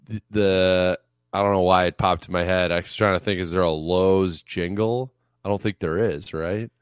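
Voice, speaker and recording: Very deep-voiced man in casual banter. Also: steady tone, normal speed, clean tone, no room sound, clean studio sound. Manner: joking, rambling, profane. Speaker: podcast co-host. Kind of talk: casual sports chat.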